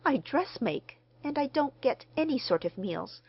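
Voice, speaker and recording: A woman's voice: sits high, sing-song, unhurried, slightly rough, dry recording, muffled recording, pitched above the performer's own voice, exaggerated voice. A woman reading the part of a shy, flustered spinster dressmaker who stammers. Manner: stammering, eager, homely speech.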